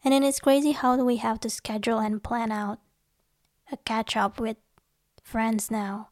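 A woman's voice: a little high, little pitch movement, normal speed, darkish tone, no echo, clean studio sound. A young woman talking casually to her viewers, chatty and giggly, often acting out little scenes. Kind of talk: casual personal talk to viewers.

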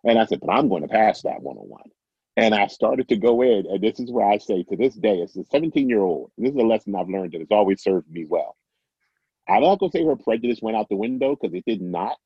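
A middle-aged man casually telling a personal story, animated and self-amused, acting out the dialogue. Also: on the low side, fast, slightly rough, no echo, lo-fi sound. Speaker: guest storyteller.

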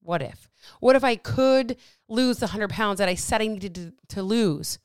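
Woman, podcast host, motivational monologue, repetitive questions, smooth voice, dry room. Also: mid-range voice, normal speed, no echo. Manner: repetitive rhetorical questions, fired up. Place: small dark office.

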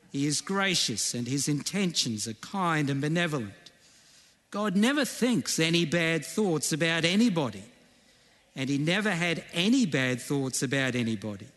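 A man's voice: a little high, a bit bright, long reverb tail. A man preaching a sermon in a conversational way, often checking in with the congregation. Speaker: pastor.

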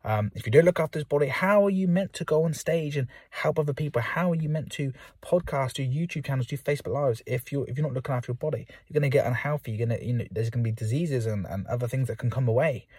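Fast-talking young man podcasting from a car. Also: medium pitch, darkish tone, husky, no echo, studio quality. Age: young adult. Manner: rambling, enthusiastic pep talk with many fillers. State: slightly out of breath after football. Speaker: podcast host. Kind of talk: casual solo podcast monologue. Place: inside a parked car.

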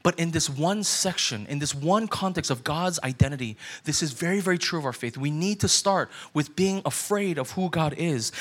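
A pastor in his thirties preaching with a high, light male voice. He talks in a loose, conversational way and then presses the congregation with urgent, repeated questions. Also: expressive, moderate pace, few pauses. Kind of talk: sermon.

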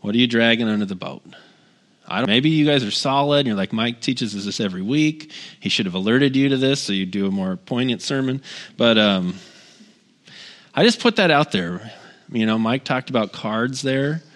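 A man in his thirties preaches in a relaxed, conversational way, his voice sitting at an ordinary middle pitch. He leans on repetition to drive points home and turns to the congregation with friendly asides. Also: moderate pace. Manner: earnest, repeats key phrases for emphasis; talks directly to the congregation with asides. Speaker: guest pastor. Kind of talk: conversational sermon.

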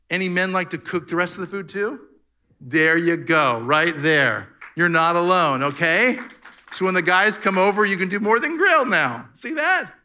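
Bright, playful church speaker man. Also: fairly high pitch. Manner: playful, teasing the audience. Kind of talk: Father's Day church talk with crowd banter. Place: church hall.

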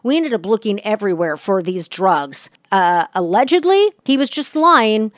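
A woman's voice: mid-range voice, very animated, moderate pace, no room sound, clean studio sound. A woman, a radio personality and podcast host, telling a story in a casual, blunt way with a lot of swearing. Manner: blunt and profane, swears often.

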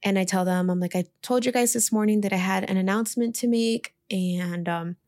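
A young woman talks straight to the camera in a loose, chatty vlog. She recounts her last day as a teacher and peppers her speech with "like". Her voice sits at an ordinary pitch for a woman. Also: fairly quick, a little mellow. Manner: chatty, heavy use of "like", emotional retelling. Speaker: teacher leaving her job. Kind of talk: casual storytelling vlog.

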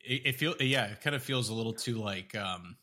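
Male podcast co-host, low-ish bright voice, rambling and laughing. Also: brisk. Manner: rambling, laughs often, many fillers and restarts. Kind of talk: casual chat.

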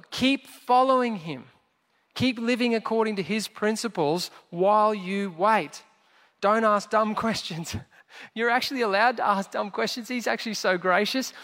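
A man preaching a sermon as pastor, animated and jokey, acting out quotes as he goes. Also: high-pitched. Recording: long church hall reverb.

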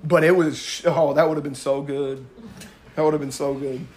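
A man's voice: fairly high pitch, steady tone, moderate pace, darkish tone. Emphatic man teaching, light laughs. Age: adult with a young daughter. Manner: conversational, emphatic, laughs between points. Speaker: Bible teacher. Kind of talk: casual sermon-style teaching.

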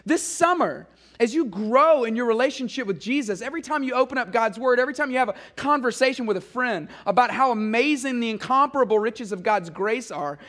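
A man's voice: very high-pitched, a bit bright. A man preaching an earnest sermon to students, stressing his points through repetition. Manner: earnest and emphatic, with repeated phrases. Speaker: speaker at a student summer gathering.

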